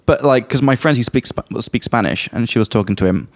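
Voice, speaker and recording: A young man hosting a podcast about learning English, telling a story in a casual, animated way and laughing often. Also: mid-range voice, brisk, dry recording, studio quality. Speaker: podcast host and English teacher.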